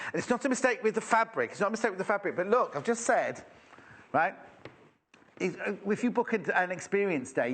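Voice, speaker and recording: Male shopping presenter, lively and rambling, fairly high voice, lots of oohs over the stock. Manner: chatty and rambling, exclaiming over fabrics. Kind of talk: live sales presenting. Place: TV shopping studio.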